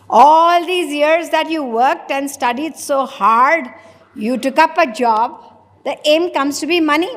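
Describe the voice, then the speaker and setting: A spiritual lecturer delivers a sermon in a high-pitched, slow, fairly bright voice, with long hall reverb on the recording. She poses rhetorical questions and acts out imagined conversations.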